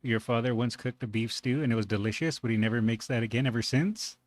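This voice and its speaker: Man, reaction host, relaxed casual commentary, laughs easily, mid pitch, dry close sound. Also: fast talker, dry recording.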